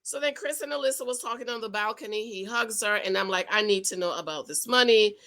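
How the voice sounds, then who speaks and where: A woman giving a sassy, animated recap of a reality TV episode, talking straight to her viewers. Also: mid-range voice, fast. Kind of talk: casual recap commentary.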